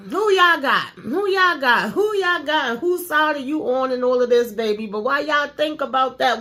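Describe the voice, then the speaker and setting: A woman's voice: fairly high pitch, fairly bright tone. A woman hosting a casual TV episode recap, sassy, ranting and swearing freely. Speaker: host of a TV recap channel.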